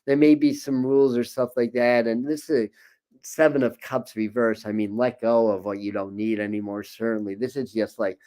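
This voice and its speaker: A man's voice: mid-range voice, steady tone, normal speed, mellow. Rambling man giving a spiritual tarot talk. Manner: rambling, repeats words, many fillers. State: a bit foggy this morning. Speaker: tarot reader and spiritual host.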